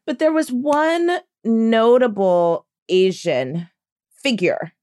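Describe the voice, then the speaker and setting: A woman hosting a casual interview podcast, lively and swearing casually. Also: a little high, slow pace, no room sound, studio quality. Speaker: podcast host.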